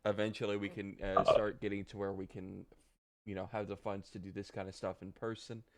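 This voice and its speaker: A man's voice: on the low side, flat delivery, fairly quick, no room sound, studio quality. A man hosting a casual podcast, laughing often and wrapping up with a sign-off to listeners. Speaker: podcast host.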